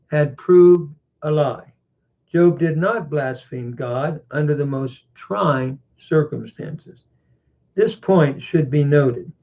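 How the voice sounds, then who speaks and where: A man teaching a scripture passage with grammar commentary, deliberate and pausing often with "uh". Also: a little high. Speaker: Bible teacher. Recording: dull lo-fi recording.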